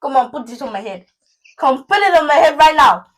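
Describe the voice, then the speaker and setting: Woman putting on a shouty Nigerian mother, high and swooping, fierce rapid-fire scolding. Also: expressive. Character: loud scolding middle-aged Nigerian mother.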